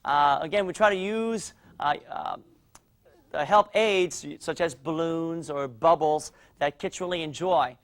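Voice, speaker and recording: High-pitched guy running a kids martial arts class, upbeat, keeps yelling encouragement. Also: a little slow. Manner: energetic, coaching and cheering children on. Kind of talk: instructional demo with kids.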